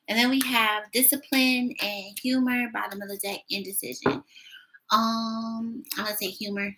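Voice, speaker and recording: A woman with a bright, clear voice chats through a tarot reading at home. She fills her talk with ums and little laughs, and faint noise sits behind her. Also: medium pitch, rough recording. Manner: chatty, many fillers and little laughs. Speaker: tarot reader. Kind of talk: casual tarot reading to camera.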